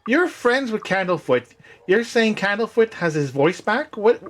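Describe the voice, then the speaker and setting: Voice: medium pitch, sing-song, measured pace, a bit bright, pitched above the performer's own voice. A game master doing a timid tearful mermaid girl. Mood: curious. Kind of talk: tabletop role-play character voice.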